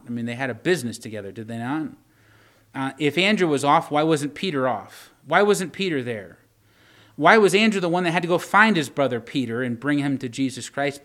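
A man's voice: a little high, fairly bright tone. A man preaching a sermon in a conversational way, often repeating words and reading scripture aloud.

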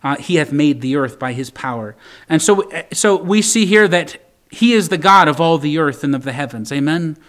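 A man preaching a sermon, calling out emphatic appeals to the congregation and reading scripture slowly and deliberately. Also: on the high side, lively intonation, fairly bright tone.

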